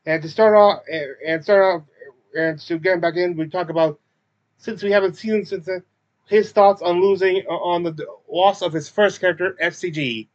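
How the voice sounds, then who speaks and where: A man talks through a show recap in a casual, hesitant way, stopping and restarting often. His voice sits a little high, and the recording sounds dull and lo-fi. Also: steady tone, normal speed. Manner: hesitant, many fillers and restarts. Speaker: recap video host.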